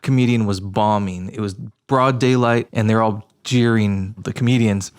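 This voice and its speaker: A man co-hosting a casual podcast chat, measured and explanatory as he lays out his points. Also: fairly low pitch, steady tone, clear, resonant tone. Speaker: podcast co-host.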